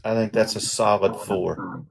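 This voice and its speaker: Measured man with a lowish voice. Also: fairly even intonation, gravelly, slightly rough. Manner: hesitant, measured. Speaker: panel guest. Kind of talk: casual chat.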